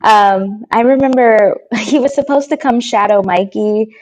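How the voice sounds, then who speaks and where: A woman with a Midwestern American accent, a television co-producer talking as a guest in a casual interview, bubbly and quick to laugh. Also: a little high, darkish tone. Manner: bubbly, laughs often, full of "like".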